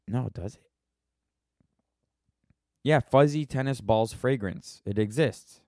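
A man's voice: mid-range voice, takes it slowly, darkish tone, dry recording, studio quality. An American man hosting a casual solo podcast, rambling and wry as he stops and restarts his thoughts while answering listener questions. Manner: rambling, self-interrupting, wry.

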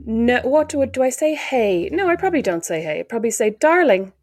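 A woman's voice: fairly high pitch, animated, fairly quick, a little mellow, breathy edge. A woman co-hosting a podcast in casual chat, bantering in a wry, joking way. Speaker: podcast co-host.

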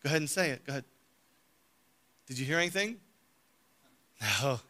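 A man preaching a sermon, telling a family story, then reading scripture aloud with big swings from soft to loud. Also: mid-range voice, expressive, normal speed.

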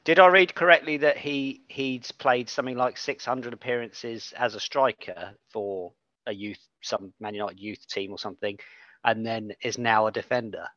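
A man's voice: mid-range voice, moderate pace, fairly bright tone, dry recording. A man co-hosting a casual football podcast, blunt and jokey, swearing freely and firing eager questions. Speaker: podcast co-host. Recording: dry, dull lo-fi sound.

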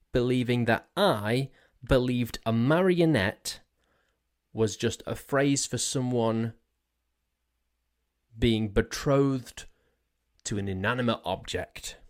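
A man hosting a solo podcast, rambling and jokey, often tripping over his words as he talks into a desk mic. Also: mid-range voice. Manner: jokey, self-mocking. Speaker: podcast host. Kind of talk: casual solo podcast monologue. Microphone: desk mic on a stand.

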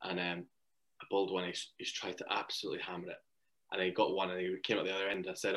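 A young man with a very deep voice chats as a podcast guest, recounting stories in an easy, rambling way. He laughs often as he talks. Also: level tone, fairly quick, gravelly, sharp tone. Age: young adult. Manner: chatty, laughs while telling anecdotes. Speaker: guest, cricket player. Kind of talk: casual interview storytelling.

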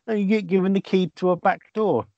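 A man's voice: high voice, fairly even intonation, fairly quick, darkish tone, no room sound. A man hosting a podcast, teasing his co-hosts and steering the casual chat. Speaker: podcast host. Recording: dry dull lo-fi audio.

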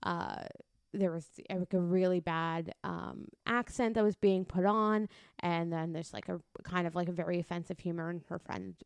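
Smooth-voiced woman chatting on a podcast. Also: fairly low pitch, fairly even intonation, normal speed, no room sound. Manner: rambling, many fillers and restarts. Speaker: podcast co-host. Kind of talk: casual chat.

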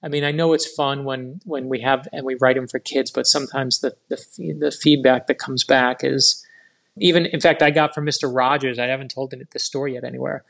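A middle-aged man, a guest author, telling rambling, animated anecdotes in a casual interview. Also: mid-range voice, fairly quick, vocal fry.

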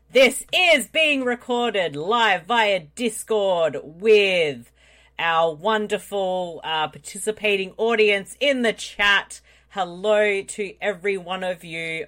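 Playful female podcast host, slow unhurried delivery, bright. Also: on the low side. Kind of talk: casual live podcast chat.

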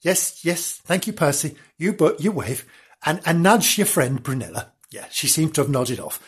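A woman telling a mock children's bedtime story, wandering off into rambling, giggly asides. Her voice is husky and breathy. Her pitch swoops high and low. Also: sing-song, normal speed.

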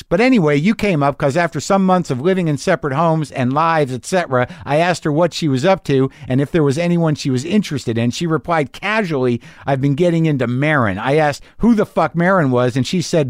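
A man's voice: medium pitch, no echo, clean studio sound. A man hosting a podcast, reading listener emails aloud and riffing on them in a wry, profane, rambling way. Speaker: podcast host.

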